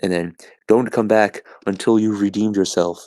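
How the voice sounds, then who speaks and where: A man's voice: lowish voice, fairly even intonation, normal speed, darkish tone, no echo, lightly acted. A man voicing a stern old nun who runs an orphanage, doting on her boys and then scolding them.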